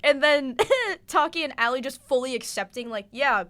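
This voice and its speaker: A woman's voice: sits high, moderate pace, a bit bright. A young woman co-hosting a casual podcast, giggling often as she eagerly retells comedy scenes. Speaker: co-host.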